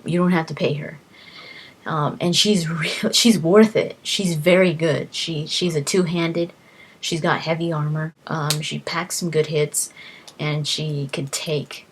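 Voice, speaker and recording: Woman, husky voice, rambling, excitable, repeats herself, casual gaming vlog chat. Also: deep voice. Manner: excitable, rambling, repeats words as she talks. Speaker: gaming vlogger. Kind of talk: casual chat about a video game.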